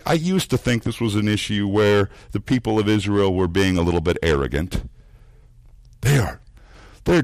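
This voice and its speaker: A man preaching a sermon, earnest, repeating words as he builds points and dropping low and soft for emphasis. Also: no echo. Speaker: pastor.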